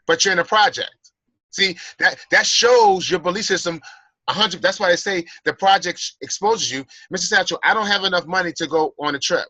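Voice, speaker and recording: A man's voice: sits high, sharp tone, no echo, low-quality recording. A man speaking as a guest in a personal development class, earnestly coaching listeners and rephrasing his points. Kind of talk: motivational talk.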